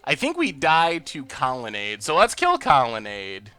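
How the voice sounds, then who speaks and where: A man hosting a live game stream, thinking out loud about his plays and bursting into loud cheers when things go his way. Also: medium pitch, wildly swooping pitch, unhurried, clean tone, dry recording, soft background music. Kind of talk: live gameplay commentary.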